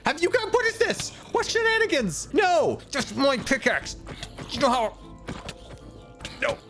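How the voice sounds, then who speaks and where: A man giving excitable gameplay commentary, often exclaiming, laughing and talking to himself and to the creatures in the game. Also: very high-pitched, a little slow, faint music behind. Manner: exclaims and laughs often, repeating panicked cries. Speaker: gaming video creator.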